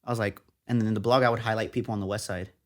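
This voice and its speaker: A man's voice: on the low side, very fast. A young man from Texas, a journalist guest, telling his story in a casual interview and acting out what people said to him. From San Antonio, Texas. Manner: animated, acts out quotes of others.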